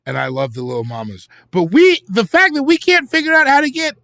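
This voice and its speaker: A man's voice: very high-pitched, wildly swooping pitch, fairly quick, pushed and bright, dry recording. A man co-hosting a podcast in casual banter, profane, playful and self-mocking. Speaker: podcast co-host.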